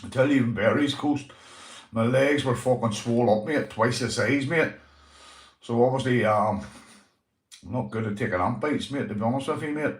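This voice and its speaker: A man's voice: mid-range voice, moderate pace, roomy sound. A young man with a Northern Irish accent, hosting a casual livestream, greeting viewers and swearing freely, calling everyone mate. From Northern Ireland. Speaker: livestream host.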